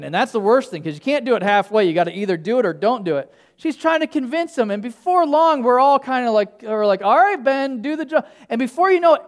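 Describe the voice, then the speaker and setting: A male pastor preaching a sermon, telling a personal story in a casual, humorous, conversational way. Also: very high-pitched.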